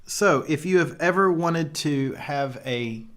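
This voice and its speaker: A man's voice: fairly high pitch, slow pace, fairly bright tone. A man co-hosting a podcast, chatting casually in a jokey, crude way and laughing readily. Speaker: podcast co-host. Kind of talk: casual chat.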